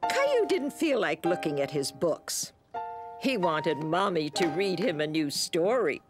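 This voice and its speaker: A woman giving simple, gentle scripted narration for an animated children's series. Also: lowish voice, a little slow, loud music behind the voice.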